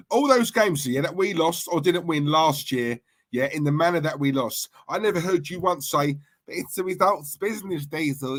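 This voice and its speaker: A man's voice: a little high, fairly bright tone. A man co-hosting a fan podcast, teasing and mocking his co-host with incredulous banter. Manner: mocking, incredulous, laughs often.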